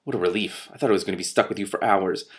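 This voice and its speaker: A man voicing a gruff, impatient male escort dragon who barks orders. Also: low voice, very fast, lightly acted. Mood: bossy.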